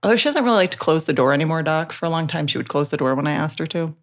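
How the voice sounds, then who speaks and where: This low-voiced young woman races along, animated, as she hosts a home stream. She chats loosely and playfully coaxes her dog with commands during a training session.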